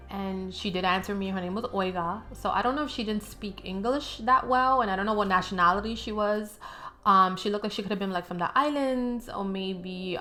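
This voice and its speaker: A woman's voice: mid-range voice, fairly bright tone. A woman, a life coach, telling a personal story in a casual, chatty way full of fillers. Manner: chatty, filler-heavy, with many likes and you-knows.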